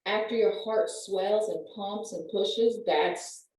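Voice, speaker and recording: An older woman, a wellness professional and guest, explaining things in an animated way and laughing as she talks. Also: mid-range voice, slow pace, slight background noise. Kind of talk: conversational explaining. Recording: roomy, distant from the mic.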